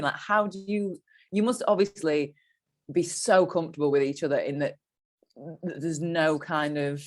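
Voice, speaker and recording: A woman's voice: low voice, steady tone, normal speed. Chatty woman podcast host. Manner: chatty, rambling questions full of "like". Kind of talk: casual interview chat.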